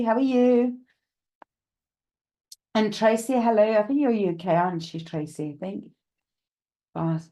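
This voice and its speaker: A woman's voice: on the high side, warm tone. Chatty woman hosting a live stream. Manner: chatty, greets viewers by name, rambling asides. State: slight cough. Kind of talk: casual live-stream chat.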